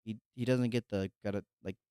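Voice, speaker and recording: Low, smooth-voiced man rambling. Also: fairly even intonation, fairly quick, mellow, no room sound, studio quality. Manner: hesitant, full of fillers and restarts. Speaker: podcast co-host. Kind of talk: casual chat.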